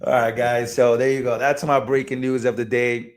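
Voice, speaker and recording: A man's voice: medium pitch, level tone, moderate pace. A man with a Hispanic accent hosting a casual political livestream, chatting with his viewers, laughing at himself and tripping over long words. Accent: Hispanic-accented English.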